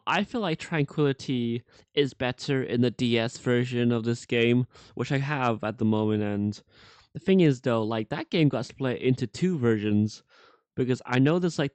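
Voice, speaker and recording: A man hosting a casual reaction chat with a sore throat, halting and full of filler words. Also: mid-range voice, expressive, darkish tone, dry recording. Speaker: reaction channel host.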